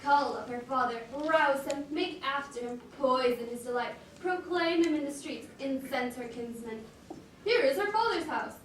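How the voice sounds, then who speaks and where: A woman playing a bitter, scheming male soldier in an amateur Shakespeare reading, declaiming with sharp outbursts, recorded in an echoey room from a distance. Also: high-pitched, normal speed, slight background noise, natural voice. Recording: echoey room picked up from afar.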